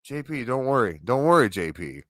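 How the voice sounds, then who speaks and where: A man hosting reaction commentary in a casual, halting way with plenty of fillers. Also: medium pitch, very animated, fairly bright tone, no echo, studio quality. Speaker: commentary host.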